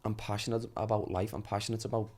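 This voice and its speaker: A young man with a Liverpool accent speaks in a slightly low register. He talks earnestly and casually as a podcast guest, often breaking into laughter. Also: little pitch movement, fast talker, darkish tone. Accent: Liverpool (Scouse). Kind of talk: casual conversation.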